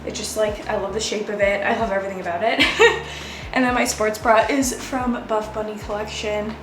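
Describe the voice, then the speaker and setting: A woman's voice: medium pitch, steady tone, moderate pace. Chatty young woman vlogging in a roomy space. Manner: chatty and upbeat, with frequent "like" fillers. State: out of breath after running. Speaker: lifestyle vlogger. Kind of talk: casual vlog chat. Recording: roomy echo, faint music behind.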